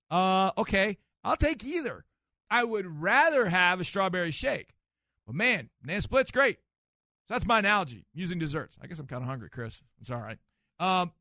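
Middle-aged guy on sports radio, high bright voice, dry studio mic, really into it. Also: no echo. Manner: animated, emphatic, explains with examples. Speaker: sports radio host and football analyst. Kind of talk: sports talk radio call-in show. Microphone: studio microphone.

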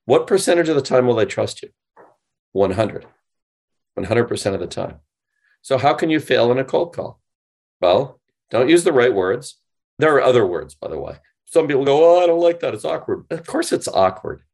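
A man being interviewed on a podcast, explaining with animated, demonstrative delivery and acting out example phone lines. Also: mid-range voice, moderate pace, creaky, long pauses. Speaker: guest, sales company CEO.

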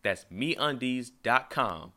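Male host, ad read, bright forceful tone, upbeat sell. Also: medium pitch, expressive, slow pace. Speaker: podcast host reading an ad.

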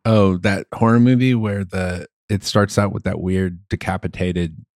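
A man co-hosting a casual podcast chat, talking in an animated, emphatic way. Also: low-pitched, unhurried, no room sound, studio quality. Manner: animated, emphatic, gets loud when worked up. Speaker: podcast co-host.

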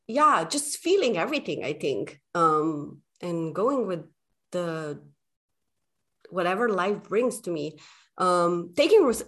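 A middle-aged woman, a guest in a casual conversation, speaking reflectively with frequent hesitations. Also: on the low side. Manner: reflective, hesitant with many ums. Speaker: interview guest.

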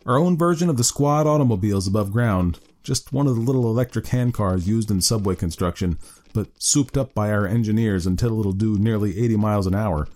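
Guy reading as a grim older ghoul hunter, low voice, gets worked up and fervent. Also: a little fast, a little mellow, lightly acted. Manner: fervent, rising to frenzied gloating. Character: grim middle-aged male underground ghoul-hunter chief. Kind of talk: dramatic story reading.

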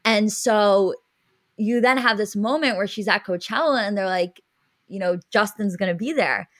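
A young woman with a bright, forceful voice chats casually on a podcast. She tells her story emotionally and rambles, full of filler words, at a middle pitch. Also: moderate pace. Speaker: podcast co-host. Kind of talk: casual chat.

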